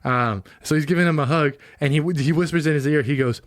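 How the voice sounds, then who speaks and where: Young male co-host, rapid and animated, slightly high voice, dry close sound. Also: no echo. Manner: fast, animated retelling. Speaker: podcast co-host. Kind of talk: casual chat.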